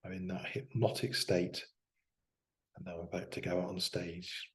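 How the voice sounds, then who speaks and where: A man demonstrating self-hypnosis aloud as a coach, talking himself through slow, soft affirmations. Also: low-pitched, level tone.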